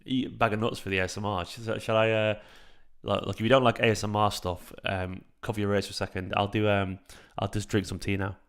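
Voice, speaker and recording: A man in his thirties hosting a late-night live stream from home into a microphone, talking in a hushed, half-whispered way, with a raspy voice. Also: lowish voice, level tone, fast talker. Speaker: fan channel host streaming a match watchalong. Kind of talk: casual live chat with viewers.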